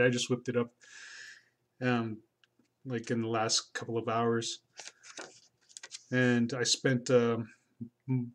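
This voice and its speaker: A man casually narrating a tour of his old sketchbook, rambling with many fillers and restarts. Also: medium pitch. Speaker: artist vlogger.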